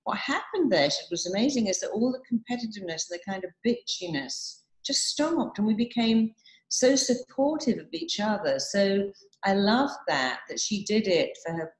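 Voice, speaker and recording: A woman's voice: medium pitch, animated, moderate pace, roomy sound, poor audio. A woman giving a motivational talk, telling client stories and repeating affirmations. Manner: warm storytelling, quoting clients, repeating affirmations.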